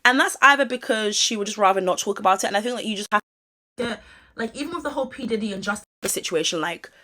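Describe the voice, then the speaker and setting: A woman's voice: mid-range voice, lively intonation, quick pace, pushed and bright. A woman, gossiping in a rambling, sassy commentary style with lots of fillers. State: out of breath. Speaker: commentary vlogger.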